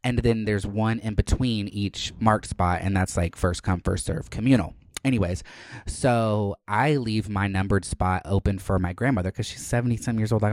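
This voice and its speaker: A man's voice: fairly low pitch, no room sound. A young man hosting a podcast, telling a story in a rambling, profane, casual way. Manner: rambling, profane, lots of "like" fillers. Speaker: podcast host. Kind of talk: casual chat.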